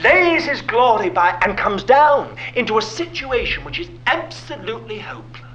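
A man's voice: extremely high pitch, big pitch swings, moderate pace, fairly bright tone, faint music behind, rough recording. A man preaching a sermon, asking rhetorical questions and dropping to a whisper for emphasis.

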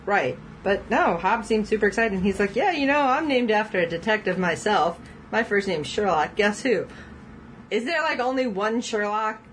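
A woman's voice: mid-range voice, lively intonation, moderate pace, slight background noise, poor audio. A woman co-hosting a casual podcast, recapping a TV episode in a chatty way and laughing often as she quotes the characters. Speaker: podcast co-host.

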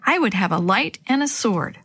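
A woman's voice: mid-range voice, very animated, normal speed, a bit bright, slightly rough, full character voice. Woman voicing a scared young girl in a storybook. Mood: worried, hopeful. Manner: timid, talking herself through her fear. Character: frightened but brave young girl.

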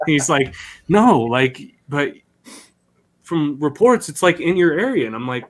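A man's voice: on the high side, sing-song, a little slow. A man telling a rambling, profane story in casual podcast chat, laughing as he goes. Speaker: podcast co-host.

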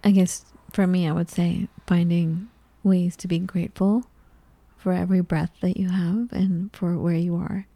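A woman's voice: on the low side, unhurried. A woman co-hosting a casual talk show, telling a personal story and acting out conversations along the way. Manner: storytelling, animated retelling of conversations. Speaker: co-host. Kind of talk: casual chat.

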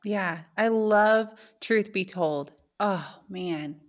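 A woman co-hosting a podcast in casual chat, reacting quickly and laughing often. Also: mid-range voice. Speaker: podcast co-host.

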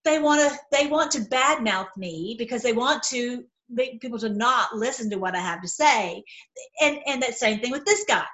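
A woman's voice: fairly high pitch, moderate pace, fairly bright tone, poor audio. A middle-aged woman talking heatedly in a casual opinion monologue, with frequent restarts. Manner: impassioned, heated, repetitive restarts. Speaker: video commentator.

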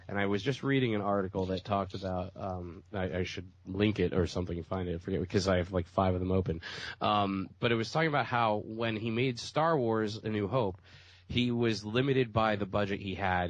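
A man's voice: lowish voice, no echo, poor audio. A man with a cold, rambling and laughing in casual podcast chat. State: has a cold. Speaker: podcast co-host.

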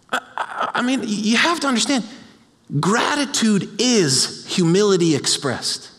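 High-voiced animated preacher in a hall. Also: male voice, measured pace. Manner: animated, humorous, repeats words. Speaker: pastor. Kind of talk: sermon. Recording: long hall reverb.

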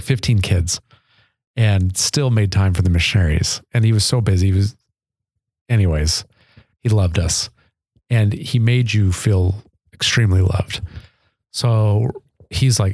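A man's voice: lowish voice, normal speed, warm tone, no room sound, studio quality. A man, a podcast guest, telling personal stories in an earnest, chatty way with frequent laughs. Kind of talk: casual storytelling.

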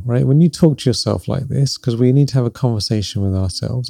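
A middle-aged man speaks in a dry, close, gravelly voice, softly guiding listeners through spiritual ideas as a podcast host. His delivery is reflective and encouraging, and he often checks in with "right?" Faint music runs underneath. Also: medium pitch, a little fast, hardly any pauses, no room sound. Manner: gentle, reflective, warmly encouraging, laughs softly between points, often adds "right?". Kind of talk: spiritual teaching talk.

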